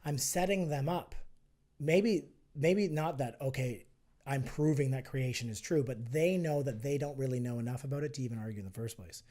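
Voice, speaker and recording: A man's voice: medium pitch, normal speed, warm tone. A man guesting on a podcast, talking persuasively and acting out both sides of an argument in casual conversation. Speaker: guest, health and fitness entrepreneur.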